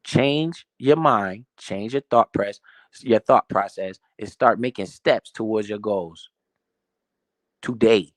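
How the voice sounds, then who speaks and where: A man's voice: on the low side, takes it slowly, no echo. A man giving a profane, emphatic motivational rant about money in a casual way. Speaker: motivational finance streamer.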